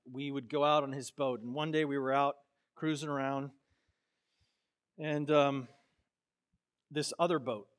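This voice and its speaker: Fervently preaching, a Florida-born male pastor moves from quiet, low-voiced phrases to sudden loud bursts. Afterward he shares a story from his own life in a relaxed manner heavy with fillers.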